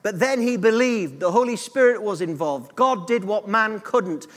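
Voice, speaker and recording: A man's voice: sits high, lively intonation, normal speed, a bit bright, long reverb tail. A man preaching a sermon as pastor, earnest and direct, drawing the congregation into call-and-response.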